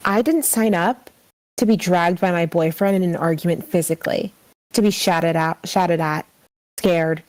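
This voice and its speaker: A man's voice: high voice, normal speed, voice pushed up, lightly acted. A man putting on a voice for an annoyed young woman who answers with short, cold retorts while reading her messages aloud. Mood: resentful.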